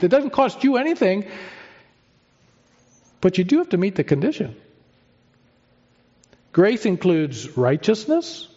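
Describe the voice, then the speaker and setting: Emphatische predikant, doffe opname. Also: male voice, high-pitched, a little mellow, highs cut off. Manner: emphatic preaching with dramatic pauses and rising emphasis. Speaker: pastor. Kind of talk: sermon.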